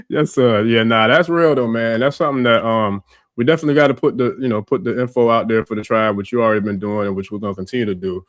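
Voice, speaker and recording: A man's voice: medium pitch, fairly quick, dry recording, clean studio sound. A man hosting a casual livestream chat in a laid-back, slangy way, often repeating words. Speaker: host.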